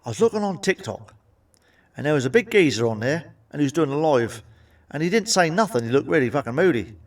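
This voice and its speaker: Middle-aged man, stand-up comic, crude and sweary, deadpan delivery, slightly raised voice, a bit off-mic. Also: a little high, quick pace, distant mic. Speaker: stand-up comedian. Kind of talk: stand-up comedy routine.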